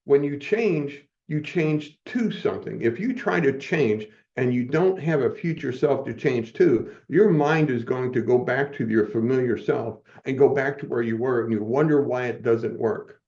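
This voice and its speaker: A man as a guest giving an earnest, halting personal testimony, often moved as he speaks. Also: medium pitch, a little mellow, highs cut off.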